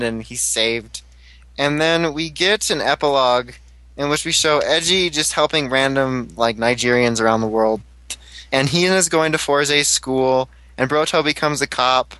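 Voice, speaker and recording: A man with a bright, ringing voice at an ordinary middle pitch, chatting casually as he recaps an episode. He rambles from scene to scene in an excitable way and swears now and then. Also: no echo, poor audio.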